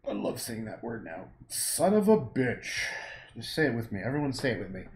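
A man's voice: on the low side, expressive, fast. A man chatting loosely while painting on a livestream, rambling, cursing freely and talking to viewers and to himself. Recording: echoey room with faint ambience.

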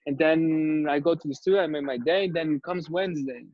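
A man's voice: on the high side, moderate pace, no echo. Artist guy chatting on a video call, rambly, restarts a lot, muffled dry sound. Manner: relaxed, rambling, restarts phrases. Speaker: artist guest. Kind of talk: casual storytelling in an interview. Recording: dull lo-fi video call audio.

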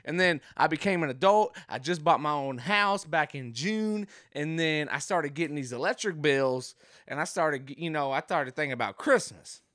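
A man's voice: a little high, lively intonation, moderate pace, a bit bright, dry recording. Rambling jokey man, dry room. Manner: rambling, jokey, does voices. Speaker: podcast host. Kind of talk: casual comedic monologue. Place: home game room.

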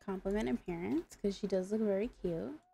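A woman's voice: mid-range voice, brisk, vocal fry, dark tone, slightly rough. A woman giving casual gameplay commentary, exasperated and talking back to the characters on screen. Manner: exasperated, talks to the game characters. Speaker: gaming YouTuber.

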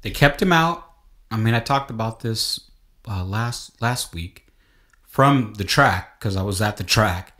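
A man hosting a casual motor racing podcast, talking in an animated way that rises to exclaiming rants. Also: fairly low pitch, a little slow. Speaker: podcast host. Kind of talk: casual sports podcast chat.

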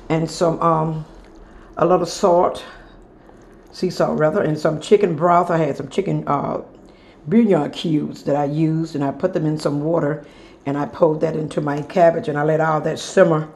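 A woman's voice: sits low, darkish tone. A woman, showing her home-cooked meal to viewers in a homey, chatty way. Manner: homey, chatty, addresses viewers as y'all and honey. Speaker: cooking vlogger. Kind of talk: casual cooking show-and-tell.

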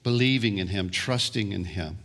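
A male pastor preaching a sermon, slow and deliberate, often restarting and repeating words. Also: on the low side, a bit bright.

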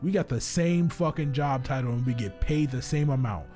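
Young man, gaming video host, excitable, profane, reads game text aloud, mid-pitch voice, faint music behind. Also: moderate pace. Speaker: gaming YouTuber. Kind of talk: let's play commentary and reading game text aloud.

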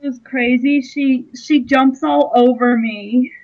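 A woman chatting casually over voice chat during a game stream, speaking slowly and softly. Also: sits high, fairly even intonation. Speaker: fellow player on voice chat. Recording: muffled voice chat with faint music.

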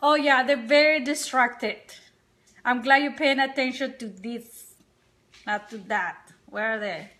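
A high-voiced woman, sleepy and chatty, hosts a casual makeup live stream from inside her home, rambling to viewers and her dog. She speaks unhurriedly in a fairly bright tone, captured by a phone or webcam.

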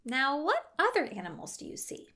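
A woman's voice: sits high, wildly swooping pitch, fairly quick. A young woman hosting a toddler learning show outdoors, talking and singing in a sing-song way, with gasps and coaxing questions for the children. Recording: ukulele music playing underneath.

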